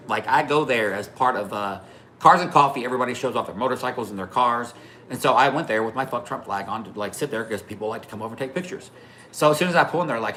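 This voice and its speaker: A man's voice: lowish voice, quick pace, a little hiss or hum. A man hosting a livestream, telling casual swearing stories to his chat and greeting viewers by name between them. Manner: animated, swearing, laughing through anecdotes. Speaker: livestream host. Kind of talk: casual storytelling to a live chat.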